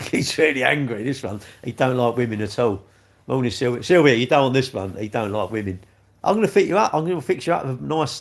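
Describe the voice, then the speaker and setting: An older English man hosting a casual livestream, reading out viewer comments and answering them with blunt, cheeky banter. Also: medium pitch. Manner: banter, cheeky and blunt, dropping "mate" and "innit". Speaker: livestream host.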